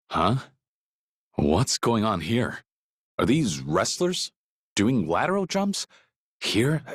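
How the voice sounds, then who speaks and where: A gruff but kind middle-aged ex-yakuza from a video game, with a very deep voice that still moves expressively through its pitch. He talks plainly and steadily, recorded close and dry in a studio booth. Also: dry recording. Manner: plainspoken, steady, low-key. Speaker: voice actor.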